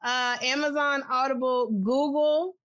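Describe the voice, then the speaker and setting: A woman's voice: high voice, steady tone, measured pace, highs cut off. A woman from the Washington DC area co-hosting a podcast, upbeat and chatty, greeting listeners in casual talk. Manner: upbeat, chatty, giving shout-outs to listeners. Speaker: podcast co-host. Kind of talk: casual chat.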